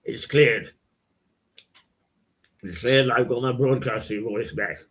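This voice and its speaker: An older man from hosting a local webcast, talking in a slow, rambling, croaky voice full of fillers. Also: mid-range voice, a bit bright. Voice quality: croaky, gravelly voice. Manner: slow, halting, many fillers and repeats. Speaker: local TV host. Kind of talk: rambling casual monologue. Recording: dull lo-fi webcast audio.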